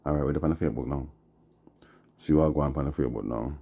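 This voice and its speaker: A man with a Jamaican accent preaching slowly on a live stream, dropping "see?" and "yeah?" between his lines. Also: very deep voice, gravelly, mellow, slightly rough. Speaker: Rastafari livestreamer. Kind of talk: rambling livestream preaching.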